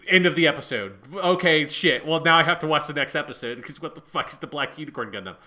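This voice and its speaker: Bright, excitable man talking casually. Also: on the high side, a little fast, few pauses. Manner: excited, swears a lot, fills with "like". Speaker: podcast co-host. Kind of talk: casual chat.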